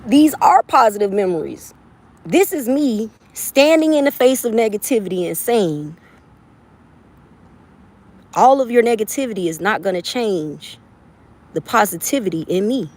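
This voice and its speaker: A woman's voice: mid-range voice, expressive, normal speed, long pauses, a little mellow. A woman from the Southern US chatting casually with her viewers, brash and playful, laughing often and swearing freely. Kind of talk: casual livestream chat.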